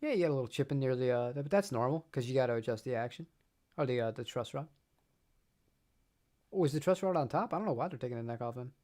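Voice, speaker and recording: A man's voice: mid-range voice, animated, quick pace, a little mellow. A man hosting a guitar channel, chatting casually on a live stream, rambling and repeating words and laughing often.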